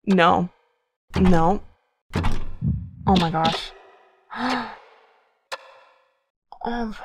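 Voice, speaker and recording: A young woman giving casual, excitable commentary while playing a horror game, gasping and exclaiming often. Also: on the low side, drawn-out words, a little hiss or hum. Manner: excitable, gasps and frequent exclamations. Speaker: let's play gamer.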